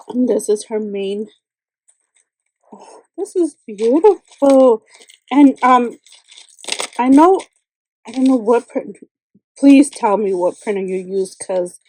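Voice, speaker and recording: Gushing woman with a mellow voice. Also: medium pitch, poor audio. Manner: gushing, exclaims often, many fillers. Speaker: craft channel host. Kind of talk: casual unboxing vlog.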